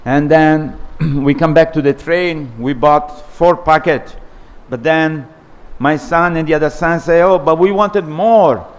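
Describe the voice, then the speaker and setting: A man's voice: on the high side, steady tone, a little slow, few pauses, smooth. A man giving a scripture class, telling a personal story in a conversational way. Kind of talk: sermon with a personal anecdote.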